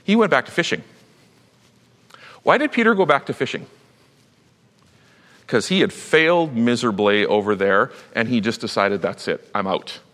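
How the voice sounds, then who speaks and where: A male pastor preaching a sermon, telling a Bible story with lively acted-out voices. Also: mid-range voice, normal speed, pauses often, in a large hall. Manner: animated storytelling, acts out Bible characters.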